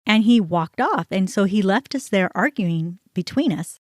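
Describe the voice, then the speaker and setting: A woman's voice: medium pitch, a little slow, no room sound, clean studio sound. Candid woman host telling a personal story. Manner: candid, animated retelling with quoted dialogue. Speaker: podcast host.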